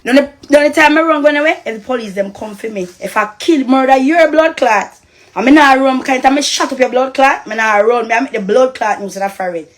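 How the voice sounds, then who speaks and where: Heated and profane, a Costa Rican woman with a Jamaican Patois accent goes off on a live stream. This social media personality talks briskly in a high-pitched voice.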